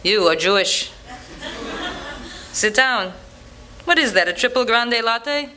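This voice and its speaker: A woman voicing a calm, offhand man, an Orthodox rabbi, in short, matter-of-fact sentences. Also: a little high, takes it slowly, a little hiss or hum, full character voice, rough recording.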